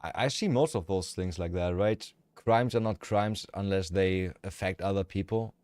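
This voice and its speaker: A man's voice: sits low, moderate pace, darkish tone, smooth, no echo. A man from Germany with a German accent, chatting casually with viewers on a livestream in a rambling, frank and profane way.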